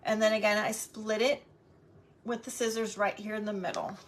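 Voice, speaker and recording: A middle-aged woman hosting a live crafting stream, chatting warmly and greeting viewers by name as she works. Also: medium pitch, flat delivery, moderate pace, slight background noise. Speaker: crafting livestream host.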